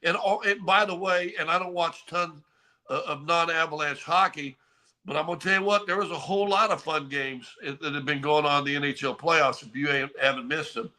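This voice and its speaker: An older man tells sports stories on a talk show, his voice pitched a little high and strikingly bright and forceful. He is animated and keeps restarting his sentences with repeated words. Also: a little fast. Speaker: co-host.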